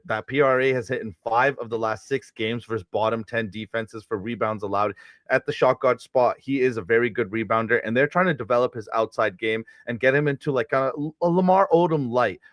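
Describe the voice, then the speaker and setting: A man's voice: mid-range voice, fairly bright tone, no echo. A man co-hosting a sports betting show, laying out picks with stats in a casual, blunt way. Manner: stats-heavy, casual, swears.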